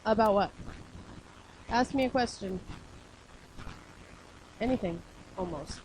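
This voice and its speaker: A woman's voice: mid-range voice, slow, background noise. A woman co-hosting a live radio show, chatting and teasing in a playful way. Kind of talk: casual live show chat.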